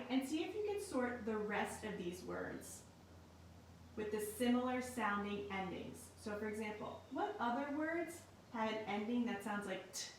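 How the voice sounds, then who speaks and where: A woman teacher giving a recorded lesson in a slow, clear and patient way. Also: fairly high pitch, slight background noise. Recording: very echoey room, mic at a distance.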